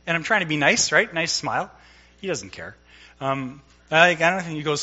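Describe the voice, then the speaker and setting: A man's voice: fairly high pitch, lively intonation, a little fast, sharp tone, muffled recording. A middle-aged man preaching a sermon in a conversational way, telling a personal story and acting out the dialogue. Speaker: pastor.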